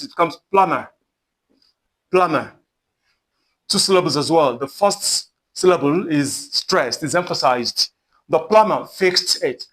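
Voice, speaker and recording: Slow, deliberate male pronunciation teacher. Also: on the high side, fairly bright tone. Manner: slow, deliberate, repeats each word and example. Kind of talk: pronunciation lesson.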